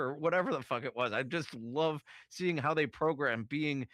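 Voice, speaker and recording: Eager man with a bright voice. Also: fairly high pitch, moderate pace, dry recording. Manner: eager, stumbles over words. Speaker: podcast co-host. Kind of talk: casual chat.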